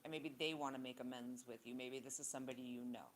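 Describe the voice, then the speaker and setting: A woman's voice: extremely low pitch, fairly even intonation, quick pace, low-quality recording. A woman giving a casual tarot reading, blunt and profane with rambling asides. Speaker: tarot reader.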